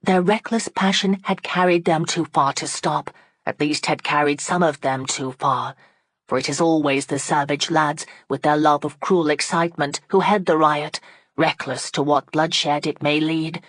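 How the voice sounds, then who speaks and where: Low-voiced woman narrating a classic novel. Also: moderate pace, no room sound. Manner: steady, dramatic storytelling. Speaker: audiobook narrator. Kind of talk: scripted narration.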